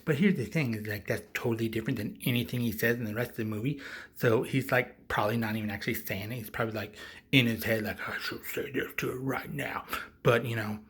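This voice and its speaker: A man's voice: medium pitch, steady tone, fast talker, a bit bright, breathy edge. A man giving a casual, rambling and sarcastic movie recap, packed with fillers. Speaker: movie reviewer.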